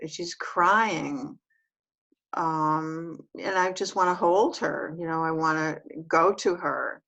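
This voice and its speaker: A woman in a guided self-inquiry session, talking through her feelings in a hesitant, halting way, often restarting. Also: low voice, creaky, a bit bright, muffled recording. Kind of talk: reflective one-on-one session talk.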